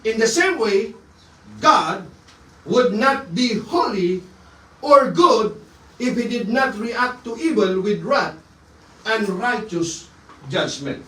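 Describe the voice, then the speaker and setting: Emphatic high-voiced preacher in an echoey hall. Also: male voice, expressive, slow pace, pauses often, bright, forceful tone. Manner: emphatic preaching with call-and-response. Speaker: pastor. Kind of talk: sermon mixing English and Tagalog. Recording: roomy, from a distance, with faint noise.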